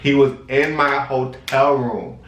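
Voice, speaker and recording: Chatty twenty-something guy doing a storytime vlog, animated, talks right to the viewers, mic kinda far off in an echoey room. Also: mid-range voice, takes it slowly, slight background noise. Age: 20s. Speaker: vlog host. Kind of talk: casual storytime monologue. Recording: roomy sound from a distant mic.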